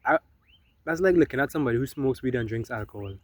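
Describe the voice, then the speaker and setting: A man talks through spiritual self-help ideas in a loose, conversational way. His voice sits at an ordinary middle pitch, and he keeps checking in with "right?" and "you know?". He swings between louder and softer stretches. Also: fast talker, vocal fry, husky. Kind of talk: casual spiritual talk.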